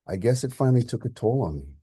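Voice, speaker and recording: A man voicing a dying older father who speaks softly, weary and gentle, at peace. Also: mid-range voice, sing-song, fast, husky, dry recording, studio quality, pitched above the performer's own voice.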